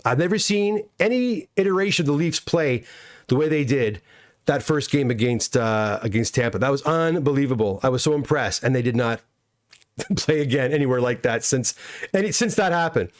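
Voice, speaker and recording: A man's voice: mid-range voice, lively intonation, moderate pace. A middle-aged Canadian man hosting a casual live stream from his home workshop. He reads viewer comments aloud and answers each one with a chatty, self-deprecating manner. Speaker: comic book pressing business owner streaming a live unboxing.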